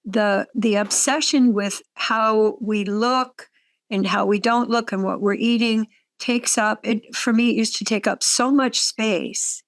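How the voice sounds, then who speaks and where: Slow, thoughtful woman, dry sound. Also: fairly high pitch, fairly even intonation, no echo. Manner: thoughtful, with soft affirmations. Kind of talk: reflective conversation.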